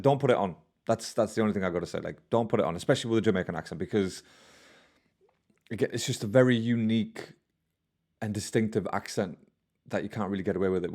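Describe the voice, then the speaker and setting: Hosting a music reaction channel, a man with a British accent speaks casually in a low, darkish voice. His talk is blunt and rambling, full of fillers and swearing, and he has Albanian heritage and also speaks Albanian.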